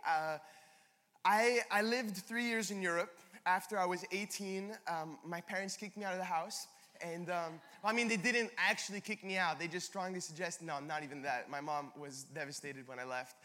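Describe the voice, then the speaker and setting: Preaching in a large church hall, a young pastor from Canada spins chatty stories full of self-deprecating remarks. He has a high-pitched, sharp voice at a moderate pace, and long hall reverb trails through the recording.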